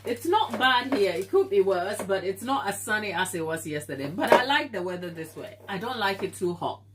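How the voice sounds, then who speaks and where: Lively chatty woman baker, stuffy nose. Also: mid-range voice, moderate pace, very noisy. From Africa. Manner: chatty, laughs often, reads out viewer comments. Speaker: baking channel host on a live stream. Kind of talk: casual live-stream chat with viewers. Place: home kitchen.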